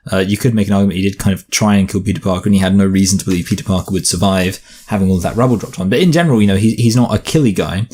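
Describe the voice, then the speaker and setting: A man's voice: low-pitched, racing, hardly any pauses, a little mellow, husky. A man co-hosting a casual film review chat, thinking aloud and rambling with many fillers and restarts.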